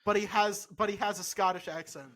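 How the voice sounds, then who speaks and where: A man co-hosting a podcast in casual chat, animated and insistent, swearing freely. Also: high voice, a little fast. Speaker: podcast co-host.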